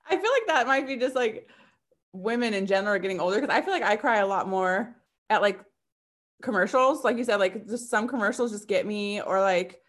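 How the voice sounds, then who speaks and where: A woman guest chats casually at a middle pitch. Her talk is loose and rambling, filled with little fillers as she works out her thoughts. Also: animated, moderate pace, a bit bright. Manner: chatty, with many fillers like "like". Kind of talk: casual chat.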